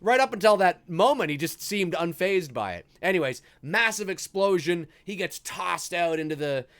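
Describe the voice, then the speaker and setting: A man talks over a film during his live stream, his voice sitting a little high for a man. He rambles in an easygoing way and swears freely as he reacts to what is on screen. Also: expressive, normal speed, a bit bright. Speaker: host of a live movie commentary stream. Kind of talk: casual live-stream movie commentary.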